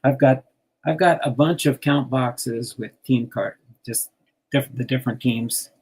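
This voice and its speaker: An older man from New Jersey hosting a relaxed chat, reading out card names and laughing often. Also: medium pitch, a little slow, husky. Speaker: host sorting baseball cards on a stream. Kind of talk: casual chat.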